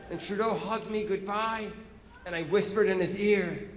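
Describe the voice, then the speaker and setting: A man from Iran doing stand-up storytelling on a live stage, animated and acting out the exchanges. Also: high-pitched, moderate pace, slight background noise. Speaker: stand-up comedian. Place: live stage in a large hall. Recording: echoey hall with loud ambience.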